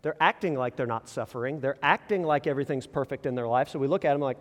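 A man preaching a sermon in a casual, conversational way, full of rhetorical questions and quick restarts. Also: medium pitch. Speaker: pastor. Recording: long reverb in a large hall.

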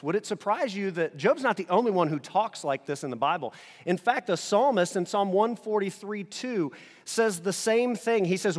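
Male pastor, conversational sermon delivery with loud peaks and hushed stretches; slightly higher pitch, recorded in a reverberant hall. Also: a little fast. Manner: animated preaching, swings between loud emphasis and quiet intensity; casual conversational asides.

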